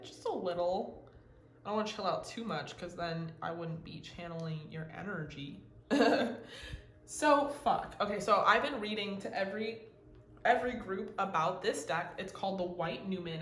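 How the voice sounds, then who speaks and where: A woman giving a casual pick-a-card tarot reading, gushing excitedly and swearing casually as she pulls cards. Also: fairly low pitch. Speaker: tarot reader. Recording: roomy echo with faint ambient noise.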